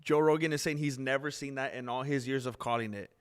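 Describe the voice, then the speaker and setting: A young man hosting a live stream, joking and reacting excitably as he comments on fights. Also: mid-range voice, fast, smooth. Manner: excitable, joking, laughs often.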